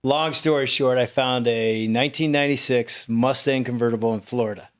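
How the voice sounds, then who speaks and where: A man's voice: mid-range voice, fairly quick. A middle-aged man co-hosting a casual chat, telling stories and acting out the voices of people in them. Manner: animated storyteller, acts out quoted voices. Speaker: co-host.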